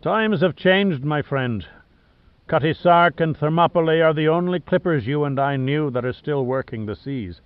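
A man's voice: on the high side, animated, clear, resonant tone, no room sound, muffled recording, close to an everyday voice. A man reading a kindly, dry-witted old magnate. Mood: measured. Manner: measured, gently sarcastic.

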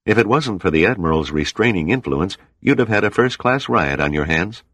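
A man's voice: sits low, lively intonation, a little fast, a bit bright, no echo, clean studio sound, pitched above the performer's own voice. A man voicing a blunt, sarcastic male salvage crewman in an audiobook. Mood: sardonic.

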